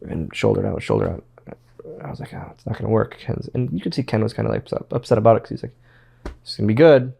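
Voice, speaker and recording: A man's voice: on the low side, animated, rapid-fire, gravelly, mellow, slightly rough. A man, a former pro wrestler, telling stories as a guest in a casual interview, rambling and repeating words as he quotes others.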